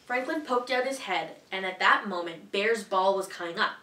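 A woman teacher reading a children's picture book aloud in a clear, expressive, evenly paced way. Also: mid-range voice, normal speed, far from the mic. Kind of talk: storybook read-aloud for children. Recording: echoey room, voice a bit off-mic.

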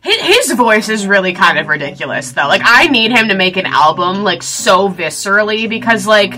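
A woman in her twenties giving a casual movie reaction, gushing and excitable, swearing freely and breaking into shrieks and laughter. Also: medium pitch, moderate pace, poor audio. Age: 20s. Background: film soundtrack music.

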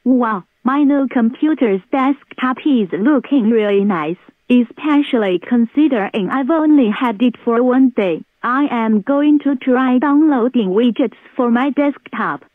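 Fed-up cartoon computer user, female tts voice, defiant, fairly high, tinny dry audio. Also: measured pace, few pauses, no echo, lightly acted. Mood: exasperated. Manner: exasperated, defiant. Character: annoyed computer user fighting a forced install. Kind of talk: text-to-speech cartoon voice.

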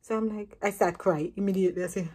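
A woman in her thirties telling a personal story to camera as a vlogger, lively and acting out what each person said. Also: medium pitch, fast, slightly rough. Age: 30s.

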